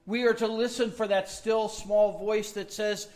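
Male pastor, mid-high voice, slow deliberate sermon delivery, emphatic. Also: flat delivery. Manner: emphatic, slowing down on key words, dropping to a soft hush; admits his own weariness.

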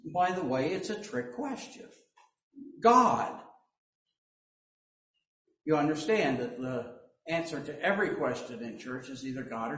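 Slow-preaching man in an echoey hall. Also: fairly high pitch. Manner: slow, deliberate preaching with joking asides. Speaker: pastor. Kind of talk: sermon. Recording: echoey hall, mic at a distance.

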